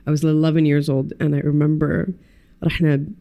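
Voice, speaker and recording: A woman, a podcast guest, telling stories in lively casual chat, acting out quotes and swearing freely. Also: deep voice, fast. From United States. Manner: animated storyteller who acts out quotes and swears freely.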